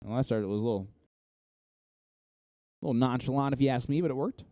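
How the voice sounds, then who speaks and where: A man's voice: medium pitch, fast, mellow, no room sound, clean studio sound. A man from Indiana with an Indiana accent giving casual, analytical play-by-play commentary on a live darts match.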